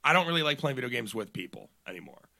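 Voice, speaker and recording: A man's voice: medium pitch, sing-song, rapid-fire, creaky, bright, forceful tone. A young adult male comedian, a guest chatting casually on a podcast, telling rambling, profane stories full of fillers.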